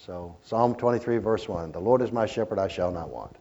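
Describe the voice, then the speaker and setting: Storytelling preacher with a muffled sound. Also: male voice, fairly low pitch, fairly quick, darkish tone. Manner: storytelling preacher, rising and falling in intensity. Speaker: pastor. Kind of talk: sermon. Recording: muffled lo-fi recording.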